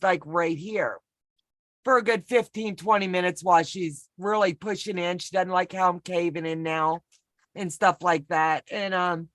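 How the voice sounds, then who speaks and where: Over a video call from home, a woman co-hosting a sewing pattern walk-through tells a rambling personal story in casual chat, chatty and folksy with self-deprecating humor. Her voice is fairly low and fairly bright, with no echo.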